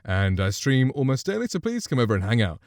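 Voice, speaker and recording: A man's voice: medium pitch, wildly swooping pitch, fast, darkish tone, dry recording. A man streamer giving a casual review and demo of a microphone, chatty and rambling, often correcting himself, speaking into a studio condenser mic up close at his home streaming setup.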